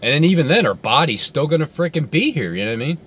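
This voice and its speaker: A man commentating in a sarcastic vlog, mocking doomsday alarm with exaggerated outbursts and low muttered asides. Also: sing-song, quick pace, fairly bright tone, slight background noise. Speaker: video commentator.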